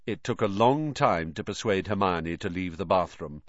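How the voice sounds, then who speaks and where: A man narrating a storybook in an expressive, animated reading style. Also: deep voice, moderate pace, few pauses, no room sound. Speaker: audiobook narrator. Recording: dull lo-fi dry audio.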